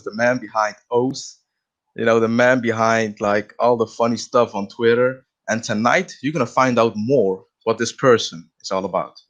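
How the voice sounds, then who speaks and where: Chatty man with dull-sounding mic. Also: mid-range voice. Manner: chatty storyteller, filler words like "like". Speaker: podcast guest. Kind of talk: casual interview.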